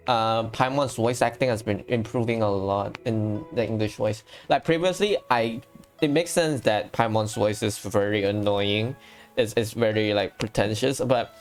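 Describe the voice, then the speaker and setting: A young game streamer chatting loosely through a reaction stream, stumbling over words and restarting sentences, often joking at their own expense. The voice sits at a mid pitch, with soft game music underneath. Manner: rambling, with many restarts and stammered repeats; joking and self-mocking. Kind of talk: casual livestream reaction commentary.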